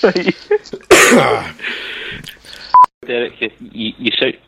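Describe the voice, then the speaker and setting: A man's voice: mid-range voice, sing-song, very slow, gravelly, sharp tone, a little hiss or hum. A man co-hosting a football podcast over a call, teasing and laughing a lot. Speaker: podcast co-host. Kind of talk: casual football podcast chat. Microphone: remote call. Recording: slightly dull call audio.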